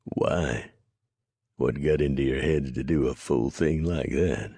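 A man's voice: a bass voice, takes it slowly, creaky, dark tone, breathy edge, no echo, exaggerated voice. A man voicing a weary drawling gunfighter. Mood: urgent. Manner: drawling, plain-spoken.

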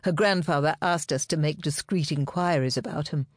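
A woman voicing a bold, cheerful female private detective in an audiobook, with a brisk, sarcastic manner. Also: sits low, no room sound, studio quality. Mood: explaining.

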